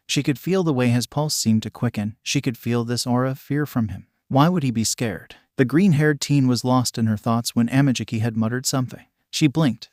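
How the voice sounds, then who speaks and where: A man narrating a fan fiction story in an even, steady reading. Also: medium pitch, no room sound, clean studio sound.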